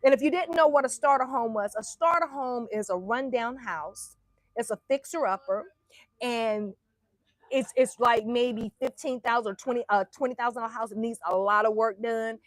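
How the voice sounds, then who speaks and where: Woman motivational speaker, faith testimony, emphatic and direct, slightly high voice, dry recording. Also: normal speed, no echo. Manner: emphatic, bold, talks straight to listeners.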